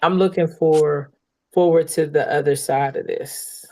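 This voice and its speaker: A woman hosting a relaxed podcast, quick to laugh and talking warmly about trusting God. Her voice sits a little low. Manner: laughs easily, warm faith talk. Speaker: podcast host. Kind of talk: casual podcast chat.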